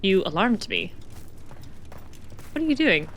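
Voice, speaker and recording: Chatty woman with a bright voice. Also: mid-range voice, sing-song, a little slow, slight background noise. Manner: chatty, laughs often. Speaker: let's-play streamer. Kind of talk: gameplay commentary.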